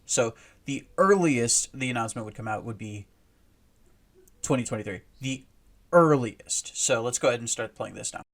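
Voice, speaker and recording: A man's voice: mid-range voice, fairly quick. Rambling man hosting a commentary video. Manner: rambling, many fillers and restarts. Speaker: host.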